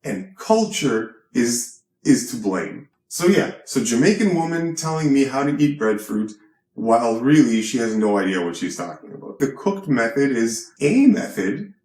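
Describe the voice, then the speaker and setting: A man's voice: medium pitch, big pitch swings, normal speed, a little mellow, reverberant. A man hosting a vlog from a hotel room, lecturing emphatically and often asking "right?". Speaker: video host. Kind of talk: preachy vlog monologue.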